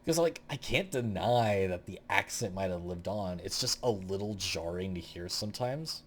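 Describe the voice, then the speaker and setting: Lively-voiced young man ranking game characters. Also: low-pitched, moderate pace, a little hiss or hum. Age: young adult. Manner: rambling, blunt and opinionated, swears freely. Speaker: gaming video host. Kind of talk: casual tier-list commentary.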